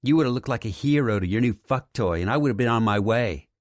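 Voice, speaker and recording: Guy doing a snide sneering woman, pitched up, mocking. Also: expressive, fast talker, no echo, clean studio sound, close to an everyday voice. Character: sneering scornful woman, a mother. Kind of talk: audiobook character voice.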